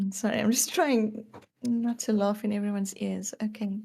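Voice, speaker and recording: A woman's voice: medium pitch, steady tone, a little slow, vocal fry. A woman playing a game with her brother, chatting casually and giggling often. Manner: giggly, soft-spoken. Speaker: co-player, streamer's sister. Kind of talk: casual gameplay chat.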